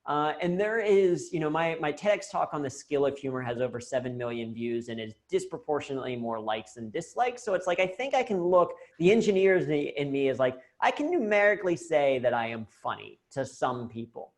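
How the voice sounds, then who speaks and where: An American man giving a lively, jokey talk on humor at work during a video-call Q&A. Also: fairly high pitch, fairly quick, hardly any pauses. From United States. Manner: animated, jokey, self-deprecating. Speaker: humor and leadership speaker.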